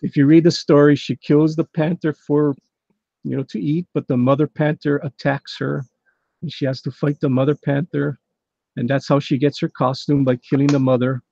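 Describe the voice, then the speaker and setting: A man's voice: on the high side, flat delivery, moderate pace, gravelly, mellow, muffled recording. A man chatting casually on a livestream, an easygoing comic artist with chuckling asides.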